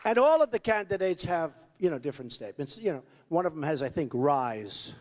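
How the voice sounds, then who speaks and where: A man's voice: high voice, big pitch swings, fast talker, a little mellow. A man giving a rambling, boastful campaign rally speech, repeating himself and acting out the voices of people he quotes. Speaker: presidential candidate. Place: school hall at a rally. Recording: long hall reverb.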